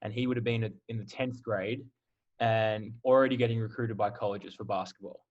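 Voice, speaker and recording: On a casual podcast, an Australian man in his twenties who plays college football talks openly and easily, leaning heavily on "like" as a filler. His voice is lowish, his pace is normal, and the sound is lo-fi.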